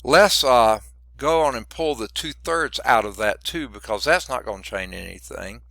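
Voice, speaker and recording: A man who is losing his voice teaches a math lesson, working through each step out loud with muttered asides. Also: mid-range voice, expressive, normal speed, creaky, dry recording. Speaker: math instructor. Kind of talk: recorded lecture working through problems.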